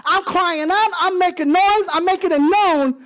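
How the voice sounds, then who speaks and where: A desperate widow, as a preacher puts her on, demanding justice in a high, raised voice. She will not let go and repeats her plea over and over. The voice stays fairly plain, with a little acting. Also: moderate pace, fairly bright tone. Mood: insistent pleading. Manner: pleading, relentless, repetitive.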